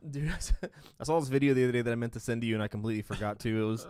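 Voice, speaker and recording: A man's voice: mid-range voice, rapid-fire, darkish tone, smooth, no echo, clean studio sound. A man co-hosting a podcast in crude, casual chat, laughing often and swearing freely. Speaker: podcast co-host.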